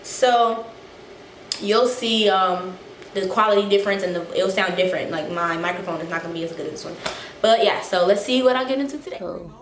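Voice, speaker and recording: A woman's voice: mid-range voice, fairly quick. Young woman vlogger, casual and slangy, phone audio with room echo. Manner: chatty, slangy, talking to viewers. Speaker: soldier vlogger. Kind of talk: casual vlog. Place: phone recording in a room and a car. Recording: roomy phone audio with faint noise.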